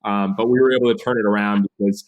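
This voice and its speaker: Fast-talking energetic man. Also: lowish voice, dull audio. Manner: energetic, animated storyteller. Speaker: guest. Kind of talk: storytelling interview.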